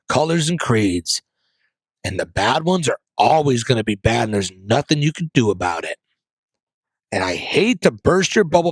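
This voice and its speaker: A man's voice: mid-range voice, no echo. A man hosting his own podcast, giving impassioned political commentary full of rhetorical questions and mocking asides. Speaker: podcast host. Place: basement studio.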